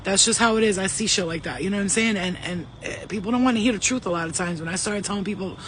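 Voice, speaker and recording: A faint background hum and rough recording quality frame this loose vlog from a high-pitched male spiritual channeler. Speaking straight to his audience, he swears, gets excited, and wanders off into rapid digressions between stories.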